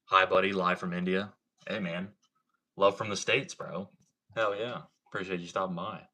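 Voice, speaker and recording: A man's voice: low-pitched, fairly even intonation, moderate pace, bright, forceful tone. A man hosting a livestream, telling stories and reading chat in a laid-back, profane, slangy way. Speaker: livestream host. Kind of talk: casual livestream storytelling and chat.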